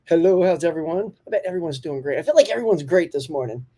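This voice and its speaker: A man hosts a relaxed morning live stream, warmly chatting, reading out viewer comments, and answering them. His mellow, rounded voice is a little high and quick, and he stays upbeat and talkative with frequent laughter.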